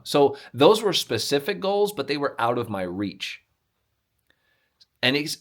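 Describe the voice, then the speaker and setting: A middle-aged man hosting a casual motivational monologue, with dry, self-mocking humor. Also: medium pitch. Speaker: motivational video host.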